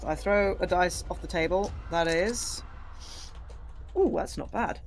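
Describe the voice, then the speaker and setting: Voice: mid-range voice, unhurried, very noisy. A player in an online tabletop game, reacting playfully and working out rolls.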